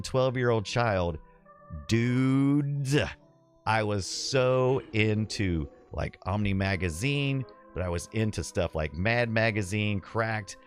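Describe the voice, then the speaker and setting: A middle-aged man from the southeastern US talks through a live game stream in a fairly low voice. He rambles nostalgically and chats with viewers between moves. Soft game music plays underneath. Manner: rambling, nostalgic, reads chat aloud.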